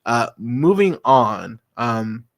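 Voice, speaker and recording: Podcast host, young adult man, casual and profane, hesitant fillers but eager, mid-pitched voice. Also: sing-song, very slow, vocal fry. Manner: enthusiastic, profane, lots of ums and restarts. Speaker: podcast host reviewing wrestling. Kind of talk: casual solo review.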